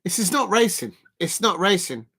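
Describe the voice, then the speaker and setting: A man with a South London accent, hosting a live race watch-along and commenting in a rambling, halting way with many fillers. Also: sits high, big pitch swings, bright, forceful tone, slightly rough. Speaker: live stream host.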